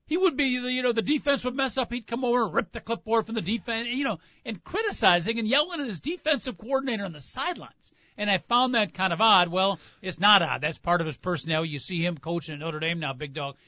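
A man's voice: high voice, quick pace, hardly any pauses, sharp tone, dry recording, lo-fi sound. A man co-hosting a sports talk show, chatty and storytelling, easily sidetracked. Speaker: sports radio co-host.

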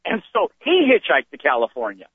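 An older man tells long, rambling stories with an animated, slightly high voice. His voice is dry and close, squeezed through a tinny phone line. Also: fairly quick, breathy edge, no room sound. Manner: rambling, animated storytelling with restarts. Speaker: comedian guest. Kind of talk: anecdotal storytelling. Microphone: phone call.

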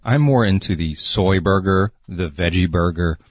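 A man playing a prim, dry foodie who calmly corrects a loudmouth, in a comedy sketch. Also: sits low, normal speed, no echo, lo-fi sound. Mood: deadpan. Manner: dry, deadpan, polite pedantic corrections. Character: prim, deadpan male foodie "Fondue Man".

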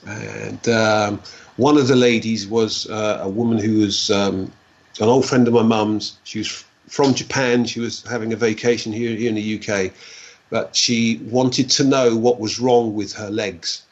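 A man, a guest recounting a personal story in a halting way, repeating words and adding "like, you know". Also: fairly low pitch, steady tone, highs cut off.

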